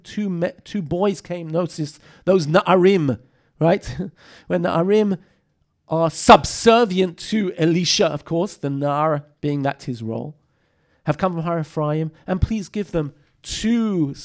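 A man with a fairly high voice leads a text study class. He reads lines of scripture aloud, then unpacks them with quick rhetorical questions. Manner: animated, reads Hebrew verses and explains them, asks rhetorical questions. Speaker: Bible teacher.

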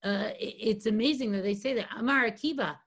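A woman's voice: a little high, a little fast, vocal fry, slightly rough. A woman giving a Talmud lesson as a guest teacher, reading Aramaic lines and translating them, tagging many sentences with "right?". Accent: Hebrew and Aramaic phrases read with Ashkenazi pronunciation. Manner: reads Hebrew and Aramaic text, then translates it, with frequent "right?" tags. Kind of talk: lecture on Talmud text.

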